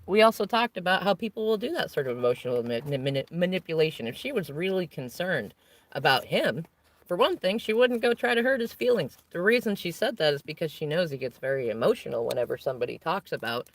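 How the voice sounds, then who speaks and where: A woman's voice: deep voice, sing-song, fairly quick. A woman vlogger sitting in a parked van, venting about a family conflict in a long, rambling, unscripted rant.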